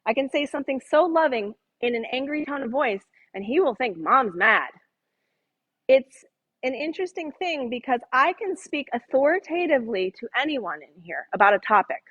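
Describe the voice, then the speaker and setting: A woman's voice: sits high, lively intonation, a little fast, highs cut off. Chatty woman teaching a Bible study. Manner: chatty, jokes with the audience, acts out voices in quotes.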